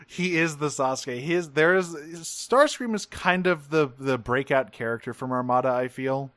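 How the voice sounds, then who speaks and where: A man's voice: fairly high pitch, moderate pace, a bit bright, no room sound. A man co-hosting a podcast, recapping a cartoon in casual, rambling chat with frequent swearing. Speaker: podcast co-host.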